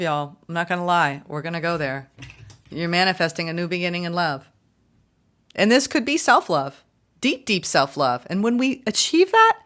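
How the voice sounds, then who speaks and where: Low-voiced upbeat woman tarot reader. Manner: chatty, upbeat, gushing with excitement. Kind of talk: tarot reading for viewers.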